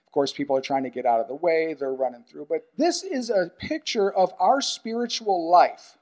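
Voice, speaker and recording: A pastor preaching a sermon in an earnest, emphatic way, repeating key phrases and moving between loud urgent stresses and quiet asides. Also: male voice, fairly high pitch, expressive, moderate pace.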